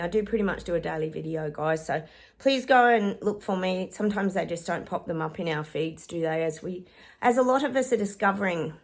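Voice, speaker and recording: Chatty woman with a cough. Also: medium pitch. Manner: chatty, lots of "um" and "guys", laughs often. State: coughing, slightly hoarse. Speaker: psychic YouTuber. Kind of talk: casual chatty vlog. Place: home living room.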